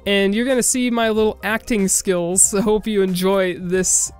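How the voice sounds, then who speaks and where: A young man chatting casually to his viewers as a gaming creator, self-deprecating and quick to laugh at himself. His voice sits rather high for a man. Faint music runs underneath. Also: fairly even intonation, clear, resonant tone. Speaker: gaming YouTuber. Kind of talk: casual vlog to camera.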